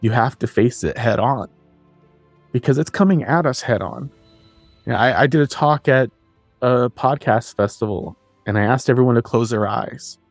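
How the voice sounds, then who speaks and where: A man's voice: medium pitch, moderate pace, no echo, faint music behind. A man guest on a podcast, talking earnestly and with passion, repeating his phrases for emphasis. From New Mexico. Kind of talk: earnest interview talk.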